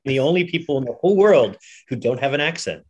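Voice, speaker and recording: A man from Connecticut, a lawyer and singer, speaking as a relaxed, polite podcast guest. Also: mid-range voice, fast talker, highs cut off, a little hiss or hum. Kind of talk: casual interview.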